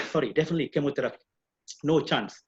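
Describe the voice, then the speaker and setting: A middle-aged man from Malaysia, a professor telling a personal story in an animated way with many repeated words, heard over a video call. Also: on the high side, brisk, slightly rough. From Malaysia (Perak). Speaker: professor and guest speaker. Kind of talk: storytelling talk. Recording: dull lo-fi video call audio.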